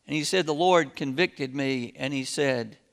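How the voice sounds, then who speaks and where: A man preaching a sermon and telling a story, slow and dramatic, swinging from loud outbursts to hushed tones. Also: mid-range voice, gravelly, long reverb tail.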